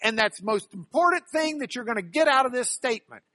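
A man teaching a class on biblical Greek grammar, animated and stressing key words by repeating them. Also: very high voice, brisk, no echo. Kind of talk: classroom lecture.

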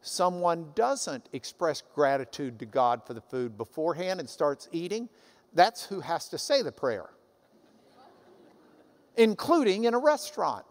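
A man preaching a sermon as pastor, animated, dropping to soft asides. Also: a little high. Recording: long hall reverb.

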